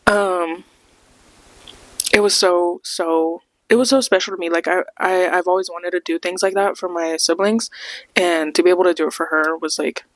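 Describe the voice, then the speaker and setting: A woman's voice: on the low side, steady tone, normal speed, dry recording. Casual swearing young woman podcaster. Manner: rambling, swears a lot, acts out quoted voices. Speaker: podcast host. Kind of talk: casual storytime monologue.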